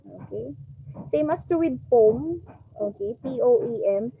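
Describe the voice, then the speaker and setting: A Filipino woman teaches an online class over a video call, drilling pronunciation and saying "okay" again and again. Her voice is on the high side, mellow with a breathy edge, and a little slow, with dull lo-fi call audio.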